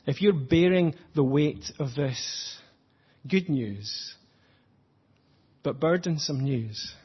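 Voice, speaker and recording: A man preaching an earnest, reflective sermon, slowing down to stress his points. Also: on the high side, husky, highs cut off. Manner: earnest, reflective, slows for emphasis.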